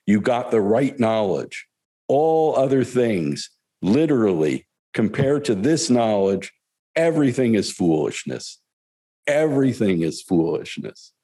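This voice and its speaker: An older man telling spiritual stories in a thoughtful, reflective way, pausing often and chuckling as he goes. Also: fairly low pitch, dark tone. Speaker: spiritual storyteller. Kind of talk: reflective storytelling talk.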